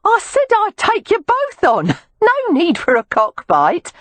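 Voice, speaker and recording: A woman voicing a bawdy, cackling Cockney streetwalker who calls out loudly and teasingly. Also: extremely high pitch, wildly swooping pitch, unhurried, no echo, voice pushed up, exaggerated voice. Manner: loud, brassy and teasing.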